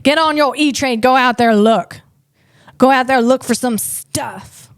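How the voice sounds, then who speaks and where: A woman's voice: high-pitched, unhurried, smooth, no room sound. A woman hosting a comedy podcast, riffing casually and interrupting herself as she talks. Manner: chatty, riffing, self-interrupting.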